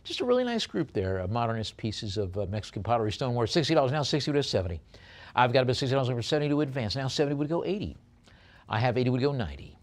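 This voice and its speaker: Older male auctioneer, New York accent, rapid bid calls mixed with wry jokes, mid-range voice. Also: medium pitch, very animated. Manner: chatty, joking asides between rapid bid calls. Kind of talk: live auction calling.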